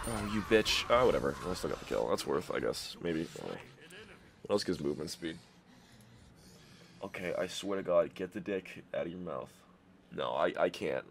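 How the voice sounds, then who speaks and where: A young man commentating his own gameplay, muttering one moment and yelling and cursing in frustration the next. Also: low-pitched, lively intonation, moderate pace, vocal fry, pauses often, a little hiss or hum. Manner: swings between mutters and yelled, cursing outbursts. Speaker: gaming YouTuber.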